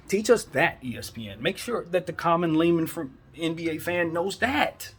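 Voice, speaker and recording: A man's voice: fairly high pitch, lively intonation, moderate pace. A man hosting a basketball commentary show, giving a fired-up, preachy opinion monologue full of rhetorical questions.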